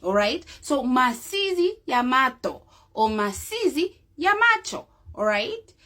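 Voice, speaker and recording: Lively, unhurried woman demonstrating on camera. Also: high-pitched. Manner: keeps checking in with the viewer; chatty and unscripted, with fillers. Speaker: presenter demonstrating a craft.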